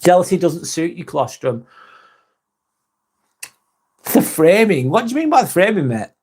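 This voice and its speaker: A man's voice: high-pitched, very animated, normal speed, darkish tone, breathy edge. A man hosting a casual live vlog, reading viewer comments aloud and chatting with them, swearing casually. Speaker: live stream host reading chat.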